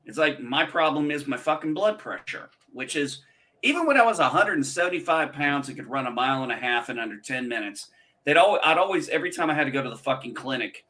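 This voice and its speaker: A man's voice: on the high side, expressive, fast, pushed and bright. A man hosting a casual chat, telling rambling stories and swearing freely. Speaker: podcast host.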